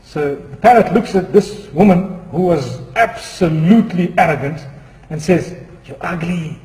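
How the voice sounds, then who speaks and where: A male preacher with a fairly high voice tells a humorous story in a measured, moralizing way, often chuckling. His words ring with a long echo around a large hall, with a faint hiss underneath. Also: lively intonation, darkish tone. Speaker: Islamic preacher. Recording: echoey hall with faint noise.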